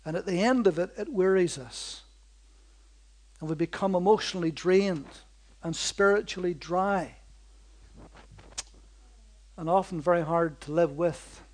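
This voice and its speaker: High-voiced preacher with dramatic swings. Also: male voice. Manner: dynamic preaching, swinging from loud outbursts to slow hushed lines; repetitive, rhythmic emphasis. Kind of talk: sermon.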